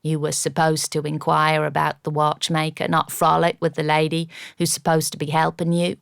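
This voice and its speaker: A woman's voice: sits low, completely flat delivery, normal speed, vocal fry, clear, resonant tone, no room sound, clean studio sound. A woman voicing a blunt, insolent male butler who grunts his words, in an audiobook.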